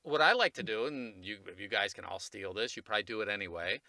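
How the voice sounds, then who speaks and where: Casting note: man, voice coach, bright and crisp, loose rambling talker who laughs at himself, dry close mic. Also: fairly low pitch, animated, no room sound. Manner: rambling, self-deprecating, quick to laugh. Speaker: voice recording coach, guest. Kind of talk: casual podcast conversation.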